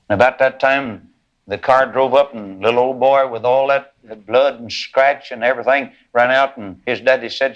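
A man preaching a sermon, telling a folksy story and acting out its voices, then rising into high, loud, drawn-out climaxes. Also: highs cut off.

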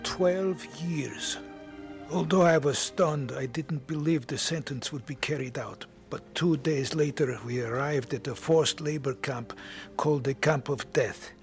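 A man's voice: on the high side, a little slow, soft background music. A man narrating a radio drama in the first person, earnest and heartfelt. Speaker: narrator and lead actor.

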